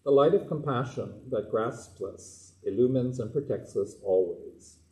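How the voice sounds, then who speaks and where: Calm male minister, echoey room. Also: medium pitch, unhurried. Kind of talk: dharma talk.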